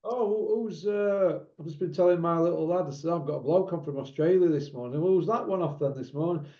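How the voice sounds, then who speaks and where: A man with a fairly high voice hosts a casual online boxing chat show. He talks bluntly and rambles, saying what he thinks. The sound is dull and lo-fi, like online call audio. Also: a little fast. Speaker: boxing channel host.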